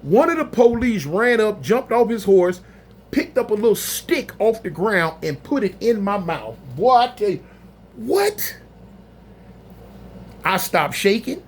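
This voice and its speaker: A man telling a story in a casual, animated, slangy way, acting out other people's voices. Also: sits high, a little slow, a little hiss or hum. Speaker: storyteller recounting prison life.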